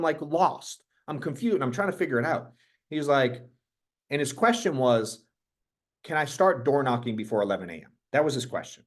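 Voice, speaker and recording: A man hosting as a business coach, giving a casual motivational talk to a group in an energetic, rambling, profane storytelling way. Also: mid-range voice, moderate pace.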